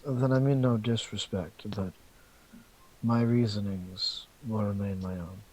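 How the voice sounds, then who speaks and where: Reserved male adventurer, formal and guarded, unhurried; a player voices him. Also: on the low side, steady tone, a little mellow, low-quality recording.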